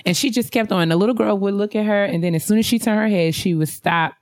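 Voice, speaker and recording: A woman co-hosting a show, chatting casually and telling animated stories. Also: mid-range voice, fast, no echo, studio quality. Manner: animated, acts out other people's voices. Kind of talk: casual chat, storytelling.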